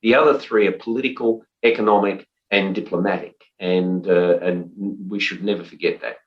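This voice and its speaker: A man in his sixties with an Australian accent, giving a reflective interview answer, measured with frequent pauses and restarts. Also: deep voice, fairly even intonation, lo-fi sound. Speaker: interviewee, former defence minister.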